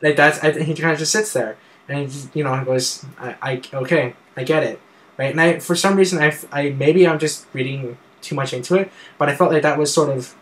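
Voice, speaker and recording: Halting man in casual film talk. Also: a little high, fairly bright tone, rough recording. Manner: halting, many fillers and restarts. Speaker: film discussion co-host.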